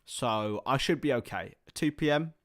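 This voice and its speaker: At normal speed and medium pitch, a young man leads a live football watchalong. Play-by-play commentary alternates with rambling, chatty asides, and chances on goal get him excited.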